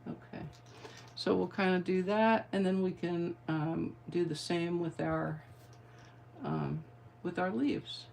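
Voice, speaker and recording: A woman's voice: lowish voice, steady tone, takes it slowly, vocal fry, darkish tone, slight background noise. Chatty middle-aged woman demonstrating crafts. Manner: chatty, playful, rambling asides. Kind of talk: card-making tutorial.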